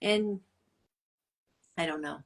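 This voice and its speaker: A woman's voice: on the low side, takes it slowly, vocal fry. A middle-aged woman co-hosting a casual faith podcast, talking in an earnest, encouraging way and laughing often. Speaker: podcast co-host.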